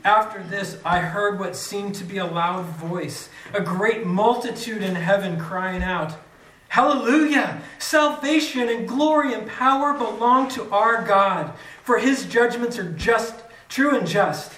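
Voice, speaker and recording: A man's voice: sits high, measured pace, hardly any pauses, sharp tone. A man preaching a sermon, reading scripture aloud with dramatic rises on the quoted cries. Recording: echoey room, mic from a distance.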